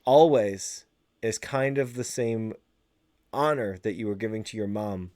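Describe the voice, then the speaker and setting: A man hosting a casual podcast chat, enthusiastic and quick to laugh. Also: fairly low pitch, a little mellow, no room sound, studio quality.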